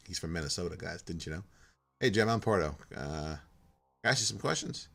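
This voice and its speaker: A man's voice: low voice, a little fast, vocal fry, breathy edge. A man giving casual, rambling commentary on a game playthrough and reading its text aloud. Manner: relaxed, rambling, reads on-screen text aloud. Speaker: game streamer.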